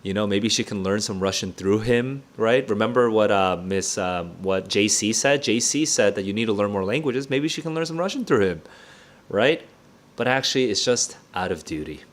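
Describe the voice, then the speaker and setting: A man with a somewhat low voice hosts a livestreamed book club and reacts as he reads. His talk is casual and rambling, full of "um", "like" and "right?", with restarts and the odd swear word. He sounds like someone thinking out loud rather than reading a script. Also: moderate pace. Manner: thinks aloud, casual and digressive, with frequent fillers and restarts.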